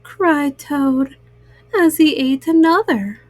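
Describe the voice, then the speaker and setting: A woman reading bedtime stories aloud to young listeners, gentle and soothing. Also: sits high, animated, slow, dry recording. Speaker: storyteller.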